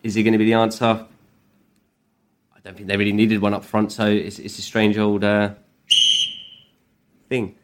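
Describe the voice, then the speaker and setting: A man's voice: on the low side, completely flat delivery, normal speed, long pauses, very noisy. A man co-hosting a casual football podcast, easygoing and rambling, with a lot of ums and the odd swear. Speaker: podcast co-host.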